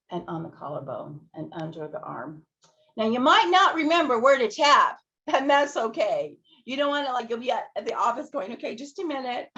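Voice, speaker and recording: A woman giving a conference talk that walks listeners through calming techniques, speaking in a gentle, guiding way and chuckling often. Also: mid-range voice, normal speed. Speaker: plenary speaker. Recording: dull lo-fi audio.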